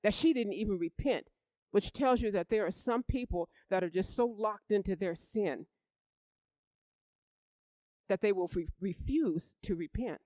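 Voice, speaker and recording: A preacher delivering a sermon, retelling a Bible story with lively emphasis, often repeating and restarting words. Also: medium pitch, measured pace, long pauses, dry recording, poor audio. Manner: animated storytelling, rising loud for emphasis.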